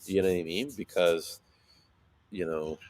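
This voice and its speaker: A man telling a story in casual chat, animated, swearing freely and using lots of fillers. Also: low voice, measured pace. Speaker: sea moss seller.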